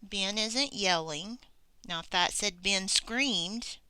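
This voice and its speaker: Woman teacher for an online lesson: unhurried, patient step-by-step delivery, dry close sound. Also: medium pitch, bright, forceful tone, clean tone, no echo. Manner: patient, explains step by step, thinks aloud. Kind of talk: recorded grammar lesson.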